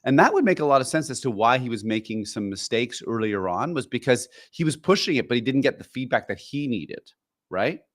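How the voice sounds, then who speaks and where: A man's voice: medium pitch, sing-song, a little fast. A man co-hosting a podcast, explaining things in a rambling way with lots of fillers and restarts. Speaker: podcast co-host. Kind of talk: casual chat.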